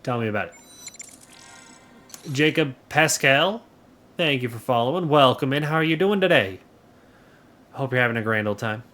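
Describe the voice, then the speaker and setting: A man's voice: mid-range voice, animated, moderate pace, long pauses, sharp tone. A man streaming a cowboy game live, chatting casually with viewers in a sarcastic, talkative way. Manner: sarcastic, talkative, reads chat aloud. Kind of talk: casual live gameplay commentary.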